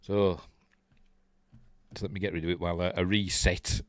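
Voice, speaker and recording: Low-pitched and unhurried, the host is an older man from Yorkshire with a matching accent. He rambles, chuckles and reads viewer comments on a casual live stream, recorded dry in clean studio conditions.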